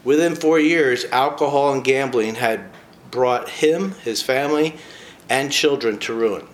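A man's voice: medium pitch, a little slow, a little hiss or hum. A man in a casual talk, reading a short biography aloud and breaking off for chatty personal asides. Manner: chatty, with frequent personal asides between read passages.

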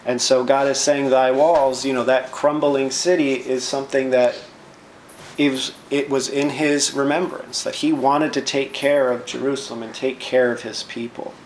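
A man's voice: medium pitch, flat delivery, moderate pace, reverberant, a little hiss or hum, poor audio. A man preaching a sermon, reading verses and explaining them in a conversational teaching way, often checking in with "right?".

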